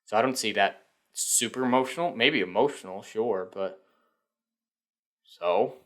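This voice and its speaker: A man's voice: on the low side, measured pace, a bit bright. A man hosting a fan news channel, giving sarcastic, profane, opinionated commentary.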